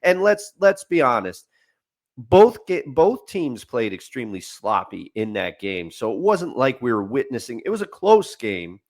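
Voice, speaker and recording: A man's voice: mid-range voice, sing-song, unhurried. Rambling man in casual sports talk. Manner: rambling, restarts often, laughs at his own stories. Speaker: podcast co-host.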